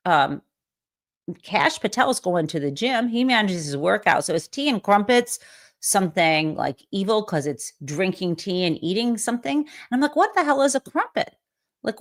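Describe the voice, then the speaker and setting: A woman's voice: mid-range voice, fairly bright tone. A woman hosting a live talk show, giving snarky, profane, conversational commentary. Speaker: host.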